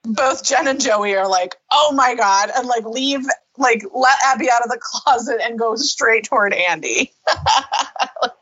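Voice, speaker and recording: A woman's voice: fairly high pitch, a little slow, a bit bright, husky, no room sound, lo-fi sound. A woman co-hosting a casual podcast chat about a TV episode, laughing often, swearing freely and filling her talk with fillers. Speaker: podcast co-host.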